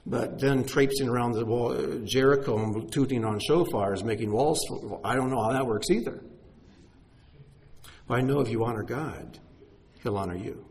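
A man, apparently middle-aged, preaching a sermon in an animated, emphatic way, speaking straight to his listeners. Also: medium pitch, moderate pace. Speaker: pastor.

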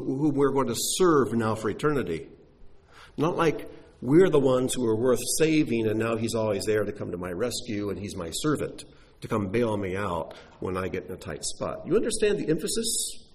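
A man preaching a sermon, teaching from scripture with emphatic rhetorical questions. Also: mid-range voice. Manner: animated, rising and falling with emphasis, rhetorical questions.

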